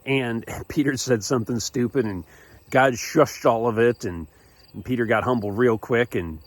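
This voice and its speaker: A man telling a story for children's church, animated and casual, restarting often and chuckling along. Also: mid-range voice, moderate pace, no room sound.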